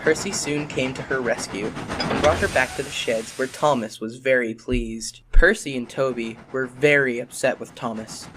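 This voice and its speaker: A narrator telling a children's train story in an expressive, sing-song way. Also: mid-range voice, moderate pace, background noise.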